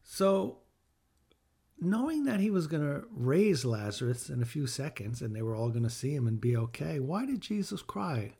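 A man's voice: fairly high pitch, big pitch swings, moderate pace, creaky, mellow, husky. A middle-aged man hosting a podcast, giving a heartfelt scripture teaching in an earnest way and repeating phrases for emphasis. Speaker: podcast host and bereaved father.

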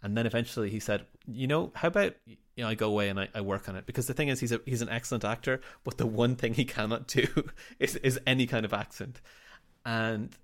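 A man's voice: mid-range voice, fairly bright tone. A man, the writer and director of a drama, answering interview questions in a reflective, rambling way with frequent restarts. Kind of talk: casual interview talk.

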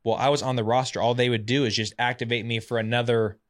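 A man in his thirties tells his story like he's chatting with a friend. He is animated and keeps slipping into other people's voices to act out what they said. His voice sits at an ordinary middle pitch. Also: fast talker. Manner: animated, acts out quotes of others. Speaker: former pitcher, guest. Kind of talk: casual storytelling.

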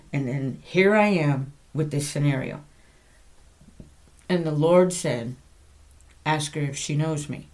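Slow-talking woman telling a faith story. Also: deep voice. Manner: animated, chatty, breaks off for side notes and self-corrections. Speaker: podcast host.

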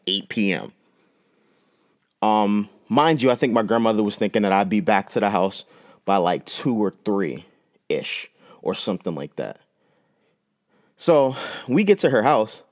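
A man hosting a podcast, telling a personal story in a casual, animated, slangy way. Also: fairly low pitch. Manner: animated, laid-back, slangy. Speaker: podcast host.

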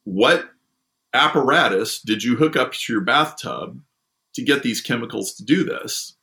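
A man talks through ideas in a relaxed podcast conversation. His voice is bright and forceful, and he slips into the voices of people he quotes as he tells his stories. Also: medium pitch, unhurried, vocal fry. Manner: animated storyteller, acts out quoted people. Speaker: guest discussing a science prize.

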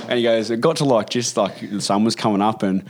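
A man's voice: lowish voice, fast. A young Australian man hosting a casual chat among mates, telling crude stories full of slang and swearing, often breaking into laughter.

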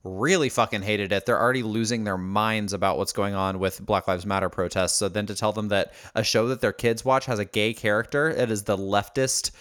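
A man's voice: lowish voice, fairly even intonation, a little fast, hardly any pauses, fairly bright tone. A man co-hosting a podcast, chatting casually with a wry, teasing, crude sense of humor. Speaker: podcast co-host. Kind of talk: casual chat.

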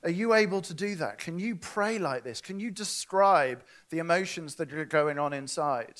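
A man's voice: on the high side, a bit bright. A man preaching a sermon, earnest and asking his listeners direct questions.

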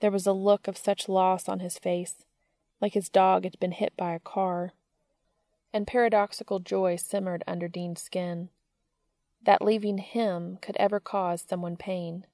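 A woman reading a piece of fiction aloud in a steady storytelling manner. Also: mid-range voice, a little slow, no echo, clean studio sound. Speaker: fiction reader.

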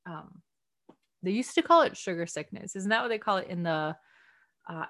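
A woman leading a casual book study discussion, thinking aloud in a chatty, earnest way with soft laughs. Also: on the low side. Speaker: study group discussion leader.

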